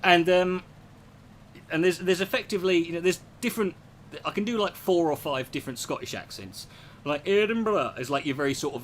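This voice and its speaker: A man's voice: a little high, expressive, a little fast, slight background noise. A man performing a stand-up comedy routine, rambling and profane, slipping into impressions.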